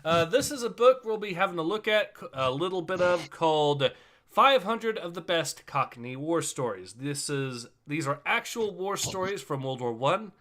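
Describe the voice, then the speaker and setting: A man's voice: fairly high pitch, expressive, normal speed, a bit bright. A man hosting a casual livestream, chatty with many fillers and restarts. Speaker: livestream host.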